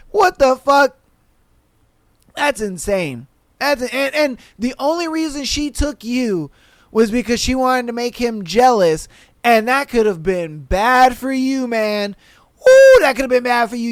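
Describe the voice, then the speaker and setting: A man hosting a podcast, telling a story in casual slangy talk, animated, laughing and swearing. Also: extremely high pitch, clean tone, no echo, studio quality. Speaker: podcast host. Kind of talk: casual storytelling and reading listener posts.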